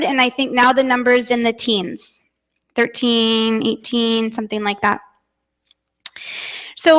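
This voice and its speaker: Earnest American woman speaker, fairly high voice, hall reverb, conference talk. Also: fairly bright tone. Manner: earnest, personal, emotional at times. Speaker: conference speaker, parent advocate.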